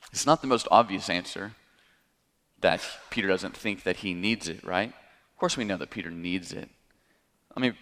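A man's voice: on the low side, fairly bright tone, big-room sound. A man preaching an expository sermon, explaining the text in a conversational way with light chuckles.

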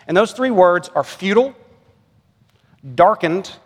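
Earnest pastor preaching in a church. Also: male voice, high-pitched, expressive, measured pace, slightly rough. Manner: conversational, earnest preaching with anecdotes. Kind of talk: sermon. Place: large church sanctuary. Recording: long church reverb.

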